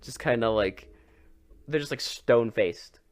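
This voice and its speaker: A man's voice: medium pitch, unhurried, dry recording. A man co-hosting a podcast, recapping a film casually, swearing and acting out lines. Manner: animated, swearing, acts out characters' lines. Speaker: podcast co-host.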